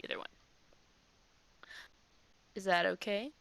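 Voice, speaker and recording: A woman's voice: mid-range voice, steady tone, takes it slowly, vocal fry, fairly bright tone, clear, resonant tone, dry recording, poor audio. A woman player in a tabletop game, talking hesitantly with lots of ums as she plans her move. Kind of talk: casual tabletop play.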